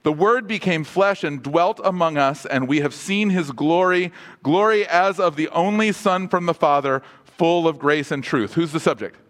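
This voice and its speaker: Preaching in a fairly high voice, a pastor keeps posing questions to the congregation during his sermon. His delivery moves from joking, energetic asides to quieter, slower stretches.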